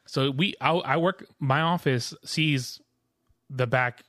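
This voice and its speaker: A man co-hosting a casual podcast, telling stories in a lively, chatty way. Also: medium pitch, slow pace, no room sound. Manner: animated storytelling, mimics neighbors. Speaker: podcast co-host. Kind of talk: casual chat.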